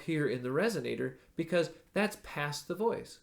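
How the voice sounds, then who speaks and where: A man's voice: on the high side, sing-song, moderate pace, gravelly, hardly any pauses. A male voice teacher, stuffed up from allergies, explaining technique and breaking off to demonstrate vocal sounds. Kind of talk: spoken voice lesson with sung demonstrations.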